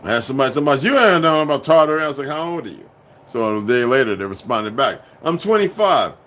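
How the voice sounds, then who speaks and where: A man hosting a casual livestream, rambling and profane, dropping from low muttering to loud outbursts. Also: animated, quick pace. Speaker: livestream host.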